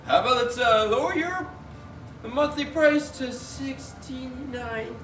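A man voicing a pushy male customer service agent who keeps pitching offers in a high, strained, wheedling voice. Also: unhurried, over music. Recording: roomy, distant, noisy recording.

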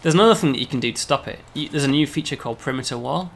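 Man, game developer, casual demo walkthrough, gravelly, faint background hiss. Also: medium pitch, very fast, a bit bright. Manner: explanatory, with frequent "um" and "right?".

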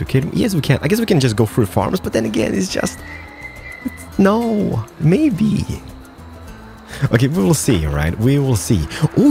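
A man hosts a game channel, rambling playfully through casual gameplay commentary and tossing in mock Spanish words. His mid-range voice is warm, with some vocal fry.

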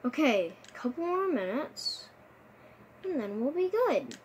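A woman giving casual gameplay commentary, swearing constantly, muttering one moment and yelling at enemies the next. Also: high-pitched, takes it slowly, slight background noise. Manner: excitable, jumps between muttering and shouting. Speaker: gamer streaming a video game.

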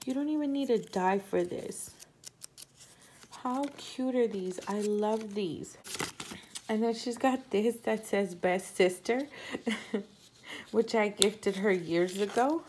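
A woman hosting a casual unboxing chat from her home craft room. She gushes excitedly, often gasps, and keeps calling viewers "you guys.". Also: medium pitch, takes it slowly, long pauses, a little hiss or hum. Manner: gushing and excitable, often gasping. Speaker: crafting channel host.

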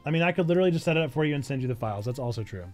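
A man's voice: a little high, lively intonation, racing. A man streaming a game, chatting casually in a jokey, rambling way. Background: faint piano music.

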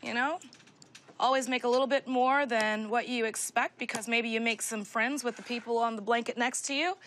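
Lively, playful woman hosting a cooking demo. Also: a little high, normal speed, slight background noise. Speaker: cooking show co-host. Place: TV studio kitchen.

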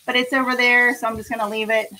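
A woman's voice: on the high side, level tone, fast, rough recording. A middle-aged woman hosting a casual cooking livestream from her home kitchen, explaining each step as she chats. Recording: home kitchen with loud background noise.

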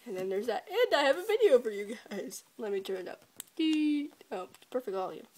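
A woman's voice: on the high side, very animated, fairly quick, a little mellow. A teenage girl hosting a casual recap vlog, giggling often and swearing casually. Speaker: video channel host.

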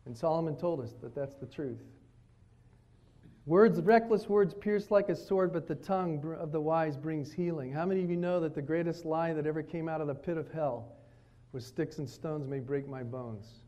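A man preaching at a retreat, telling stories and acting out his children's lines in a lively, varied way. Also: fairly high pitch, normal speed, muffled recording. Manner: storytelling preacher, animated, quotes his kids. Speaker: pastor. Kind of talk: sermon at a retreat. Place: retreat meeting room.

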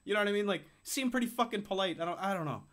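Fast-talking man ranting on a podcast. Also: sits high. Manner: heated, profane, animated ranting with quoted put-on voices. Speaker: podcast host. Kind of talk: casual chat.

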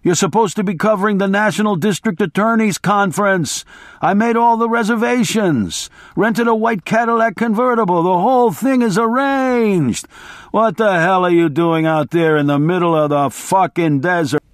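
A man's voice: sits high, moderate pace, dry recording, studio quality, voice pushed up, lightly acted. A man doing a raised, impatient lawyer. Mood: exasperated. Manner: blunt, impatient, swearing. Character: exasperated male lawyer on the phone, profane.

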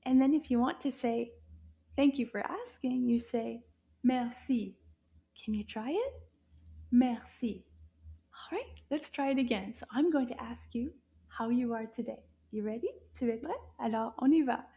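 A woman with a high voice teaches a French lesson for young children. She talks slowly and clearly, asking the listener to repeat each word. Her gasps and wows are big and animated, pitched for kids.

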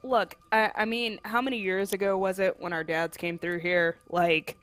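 A woman player chatting casually during a tabletop game, halting and full of fillers. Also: medium pitch, fairly even intonation, fairly bright tone, soft background music.

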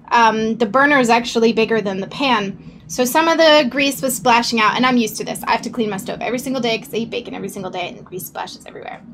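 A young woman with a high voice tells a story to her stream at her desk mic, casual and animated. She still sounds shaky after a scare, and her voice jumps up when the tale gets tense. A faint hiss sits under her voice. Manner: animated, rising to panicked shouts and laughter.

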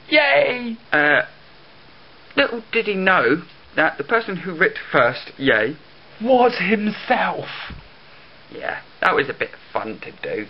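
A man vlogging in a casual, jokey way, swinging from mumbled asides to loud excited bursts, on dull lo-fi camera audio with faint hiss. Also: a little high. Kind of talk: casual vlog.

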